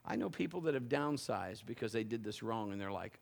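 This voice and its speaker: A man preaching a sermon from a church stage, telling a teasing, animated story and joking with the people he calls up. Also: mid-range voice, a little fast, gravelly. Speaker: pastor. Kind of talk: sermon with a live demonstration. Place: church stage before a congregation.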